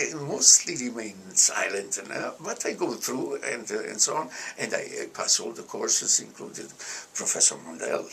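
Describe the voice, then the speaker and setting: An older man with an Italian accent, recalling his past in an interview in a halting way, often starting over and laughing at himself. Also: mid-range voice, creaky, bright, forceful tone, slight background noise. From Italy. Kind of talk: reminiscing interview.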